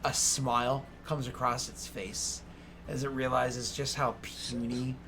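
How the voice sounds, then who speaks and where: A man narrating as game master in a tabletop game, animated and full of fillers. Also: medium pitch, measured pace, vocal fry, a little hiss or hum.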